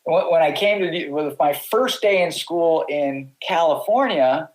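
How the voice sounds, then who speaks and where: A man's voice: on the high side, a little slow, poor audio. A middle-aged man, a guest on a podcast, telling long casual stories with many restarts and acted-out quotes. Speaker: podcast guest, pro surfer. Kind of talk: casual storytelling.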